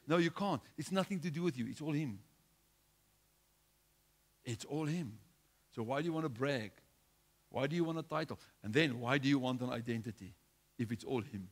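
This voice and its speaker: A man preaching a sermon, exhorting his listeners with repetition and restarts. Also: mid-range voice.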